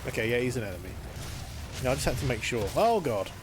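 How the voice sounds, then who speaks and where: A man's voice: mid-range voice, very animated, fast talker, over music. A man streaming a shooter game live, rambling and joking, talking to the enemies on screen. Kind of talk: live gameplay commentary.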